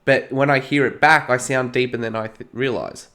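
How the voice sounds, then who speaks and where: Upbeat Australian podcast host. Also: male voice, medium pitch, normal speed. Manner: lively, laughing, self-mocking. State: groggy from hay fever tablets. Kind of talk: casual chat.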